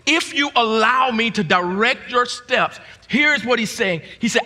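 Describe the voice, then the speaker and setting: A man preaching a sermon as a guest pastor, stumbling over restarts and climbing into shouts. His voice sits high and sounds bright. The sound carries a long reverb from the hall. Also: expressive, moderate pace, few pauses. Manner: repetitive restarts, rising to shouts at peaks.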